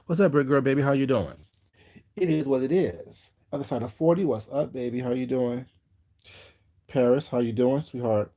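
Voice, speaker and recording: Mellow-voiced man hosting a livestream. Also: mid-range voice. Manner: greets viewers by name, calls them baby; slow, emphatic, confrontational call-outs. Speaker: livestream host. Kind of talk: casual livestream chat.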